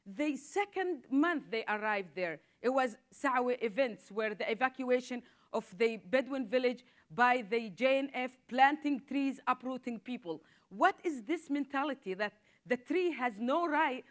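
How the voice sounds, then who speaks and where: A woman's voice: high-pitched, expressive, moderate pace. A woman in her forties from southern Israel, a social worker speaking on a panel in an earnest, urgent way, often repeating words as she builds her point. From southern Israel (Negev). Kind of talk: impassioned panel talk.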